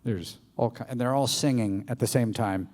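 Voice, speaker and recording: A man from the American South giving a playful, animated live talk to an audience in a bar venue. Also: medium pitch, moderate pace. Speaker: public speaker. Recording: venue reverb from live stage.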